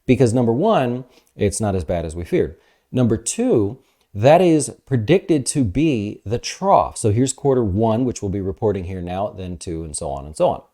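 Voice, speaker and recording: A man giving casual, energetic market commentary as an investment advisor host, talking fast with fillers. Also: on the low side.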